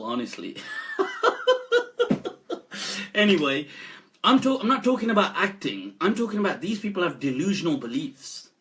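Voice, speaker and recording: A scholar talking casually on a live stream, animated and laughing often as he speaks. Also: fairly high pitch. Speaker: Islamic scholar.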